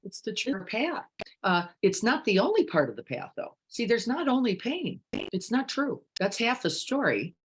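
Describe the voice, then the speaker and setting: A woman meditation teacher giving a reflective dharma talk, asking many questions and moving between hushed and emphatic moments. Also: fairly high pitch, very animated, normal speed, husky. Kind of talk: reflective dharma talk, reading participant comments.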